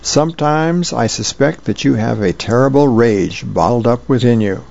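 A man's voice: medium pitch, normal speed, creaky, darkish tone, close to an everyday voice. A man voicing a bossy know-it-all girl who plays psychiatrist, in a lecturing, matter-of-fact way, heard over dull lo-fi radio.

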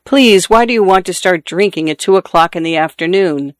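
A man reading the lines of a patient young wife, in a soft, gentle, coaxing way. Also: high-pitched, brisk, no echo, clean studio sound, natural voice.

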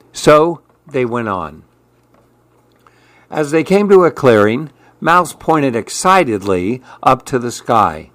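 Male storybook reader, unhurried, plain middle voice. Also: medium pitch, big pitch swings, a bit bright, dry recording. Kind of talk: read-aloud children's story.

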